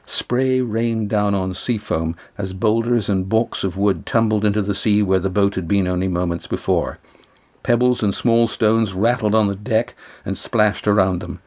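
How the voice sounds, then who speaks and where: A man narrating an audiobook chapter in a steady, measured way. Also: lowish voice.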